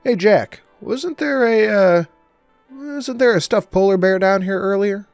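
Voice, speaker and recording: A man's voice: sits high, a little slow, darkish tone, no room sound, faint music behind, pitched above the performer's own voice. A man voicing a nervous young male friend who stammers in a horror audiobook. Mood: uneasy. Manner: hesitant, stammering.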